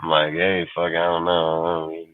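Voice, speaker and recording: Deep-voiced profane man on a thin line. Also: monotone, a little fast, dry recording, narrow, tinny audio. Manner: rambling, cursing, storytelling with acted quotes. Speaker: podcast co-host. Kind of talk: profane casual chat.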